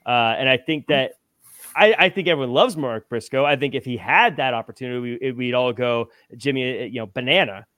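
A man's voice: mid-range voice, brisk, fairly bright tone, no room sound. A man hosting a wrestling podcast, recapping matches and putting questions to his co-hosts in casual chat. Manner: leads discussion, recaps matches, asks questions. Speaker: podcast host.

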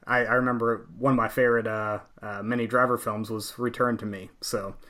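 A man co-hosting a podcast, chatting casually with frequent pauses and restarts. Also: on the low side, little pitch movement, pushed and bright. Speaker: podcast co-host.

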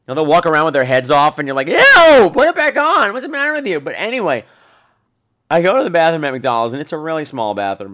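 A man hosting a podcast, telling a funny, profane story in an animated way. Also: mid-range voice. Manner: animated, profane, jumps between voices. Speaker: podcast host. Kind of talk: comic storytelling.

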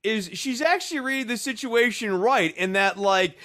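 Man, co-host, high voice, bright, rambling, lots of filler words. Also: animated, normal speed. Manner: rambling, heavy use of "like". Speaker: podcast co-host. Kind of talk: casual comedic discussion.

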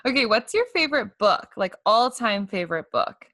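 A young woman hosts a casual podcast chat, upbeat and often laughing. Her voice is bright and forward, recorded dry and close with no room around it. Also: mid-range voice, big pitch swings, normal speed, no echo. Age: young adult. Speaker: podcast host.

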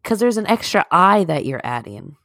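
Woman co-host, gravelly and lively, teasing and sassy, dry close sound. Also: medium pitch, normal speed, no echo. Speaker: podcast co-host. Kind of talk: casual chat.

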